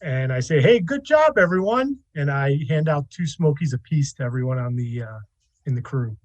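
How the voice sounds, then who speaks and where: A man's voice: medium pitch, fairly even intonation, fairly quick, darkish tone, dry recording. A man playing a tabletop game, speaking casually and stammering a little, sometimes in character. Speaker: player.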